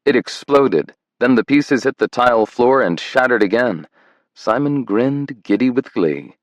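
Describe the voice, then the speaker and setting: A man reading a romance audiobook in a measured, tender scripted narration. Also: mid-range voice, lively intonation, dry recording.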